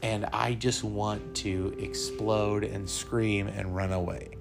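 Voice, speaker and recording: Gravelly low-voiced man telling a story. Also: little pitch movement, takes it slowly, over music. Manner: earnest, laughs through his story. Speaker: podcast host. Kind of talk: personal storytelling to listeners.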